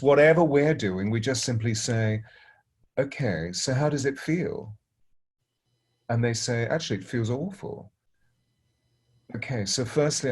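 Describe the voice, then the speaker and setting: A middle-aged man, a spiritual teacher, telling a story gently and unhurriedly, pausing and restarting often. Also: mid-range voice. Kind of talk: reflective storytelling.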